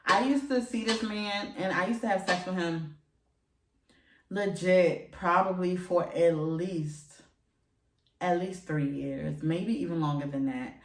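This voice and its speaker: A woman's voice: fairly low pitch, a little slow, roomy sound, recorded from a distance. A young woman in her twenties telling a frank personal story to her viewers, emphatic and profane. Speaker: vlogger. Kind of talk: candid storytelling. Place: room at home, seated.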